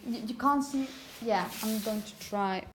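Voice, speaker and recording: A woman teaching phonetics to a class, repeating example words slowly and checking understanding with frequent "okay?". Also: a little high, slight background noise. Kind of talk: classroom lecture.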